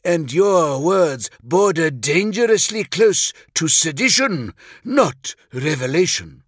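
A man plays a weary warrior huntsman who speaks bluntly and grimly. His delivery is slow and measured, with a husky edge, in a dry close recording. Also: on the high side, lively intonation, dry recording, voice pushed up, exaggerated voice.

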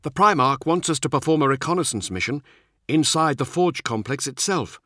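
A man doing a keen, higher-pitched warrior officer. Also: lively intonation, normal speed, pushed and bright, dry recording, studio quality. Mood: earnest.

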